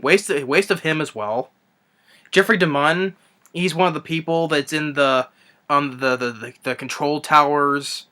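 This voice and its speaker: A man's voice: a little high, measured pace, pushed and bright. A young man reviewing a film in an unscripted rant, rambling with many restarts and fillers. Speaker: movie reviewer.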